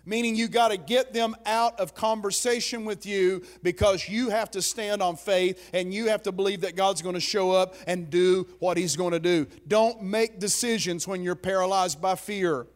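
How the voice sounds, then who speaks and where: A man's voice: high voice, steady tone, moderate pace, few pauses. A man preaching a sermon as pastor, emphatic and exhorting his listeners.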